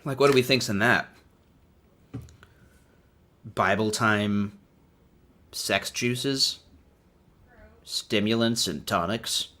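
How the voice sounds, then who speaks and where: A young man hosting a comedic commentary video, riffing wryly on book illustrations and swinging from mutters to excited outbursts. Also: fairly low pitch, drawn-out words, pauses often. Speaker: video host.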